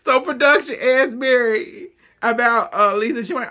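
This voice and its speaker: A man casually recapping a reality show, gossipy and quick to laugh. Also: extremely high pitch, sharp tone. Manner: laughs often, loose and gossipy.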